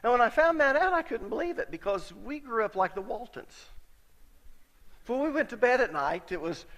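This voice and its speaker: A middle-aged man preaching a sermon as a pastor, telling stories in a conversational way and sometimes getting suddenly loud for emphasis. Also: extremely high pitch, animated, moderate pace, in a large hall.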